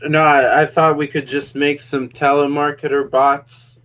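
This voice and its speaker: A man's voice: on the high side, flat delivery, a little slow, fairly bright tone, low-quality recording. A man co-hosting a casual stream, rambling and joking through his ideas. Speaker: co-host.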